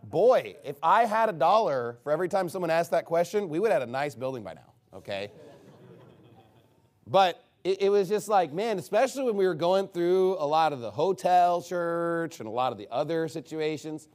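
A man preaching a sermon in a lively, sarcastic way, with a voice that sits somewhat high for a man. He throws rhetorical questions at the congregation and jabs at them with dry asides. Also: moderate pace. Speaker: pastor.

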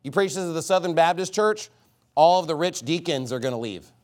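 A man's voice: fairly high pitch, lively intonation, a little fast. A man in his thirties preaching a fiery sermon, emphatic, with sudden swings in volume and pace. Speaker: pastor.

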